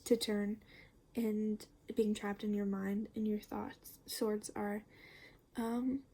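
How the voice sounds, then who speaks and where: A young woman giving a casual tarot reading, chatty and rambling, full of fillers and the odd curse word, sometimes slipping into a soft near-whisper. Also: mid-range voice, little pitch movement, slow, slightly rough. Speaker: tarot reader.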